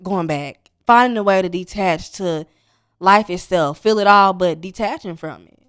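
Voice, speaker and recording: A woman's voice: lowish voice, moderate pace, a bit bright, clean tone, no room sound, clean studio sound, soft background music. A woman co-hosting a podcast, talking in a reflective, earnest way. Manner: reflective, earnest, speaks in spiritual terms. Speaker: podcast co-host. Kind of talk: casual chat.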